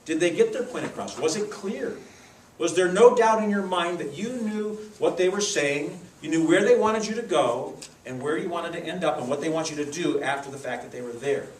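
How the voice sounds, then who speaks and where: A man leading a speech contest judges' training, teaching in a lively, demonstrative way with acted examples in a club meeting room. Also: on the high side, normal speed. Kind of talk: workshop lesson. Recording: echoey room, mic far off.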